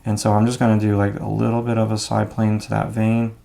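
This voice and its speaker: A man explaining his drawing steps out loud as he works, in a relaxed, thinking-aloud way. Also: lowish voice, fairly quick, vocal fry. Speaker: art instructor. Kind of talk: drawing demonstration.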